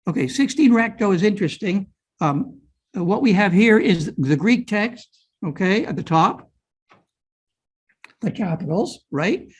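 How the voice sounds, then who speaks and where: A man's voice: high-pitched, animated, a little slow, pauses often, husky. An older man giving a guided lecture on an old manuscript, explaining step by step and often checking in with his listeners. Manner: explanatory, frequent "right?" checks.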